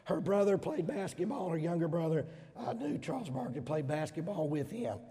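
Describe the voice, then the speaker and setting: Southern-accented man, middle-aged preacher, high voice, husky tone, emphatic sermon delivery, large hall with long reverb. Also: big pitch swings, normal speed. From Georgia, US. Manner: emphatic, swings between loud stresses and dropped asides.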